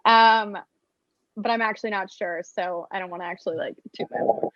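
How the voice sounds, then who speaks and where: A young American actress talking casually in an interview, chatty and self-deprecating with lots of fillers. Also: female voice, medium pitch, fairly even intonation, a little fast, dry recording. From United States. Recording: dull, dry lo-fi sound.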